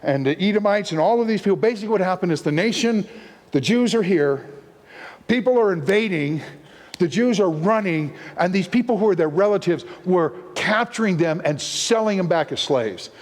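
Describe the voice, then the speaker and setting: A man's voice: high voice, lively intonation, moderate pace. A man preaching as a guest speaker to a live church audience, playful and full of puns, acting out voices as he teaches. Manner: playful, punning, acts out voices. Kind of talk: sermon teaching. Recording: long reverb of a church hall.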